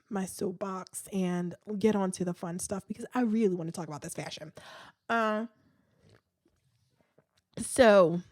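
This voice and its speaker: A woman's voice: mid-range voice, dry recording, studio quality. A woman hosting a podcast, talking in a chatty, candid way with many fillers, sighs and restarts. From United States. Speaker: podcast host. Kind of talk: casual podcast commentary.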